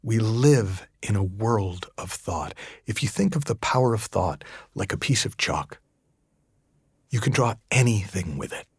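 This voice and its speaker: A middle-aged American man hosting a reflective solo podcast, talking conversationally with restarts and slow, emphatic stretches. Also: on the low side, expressive, breathy edge, no echo, studio quality. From United States. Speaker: podcast host.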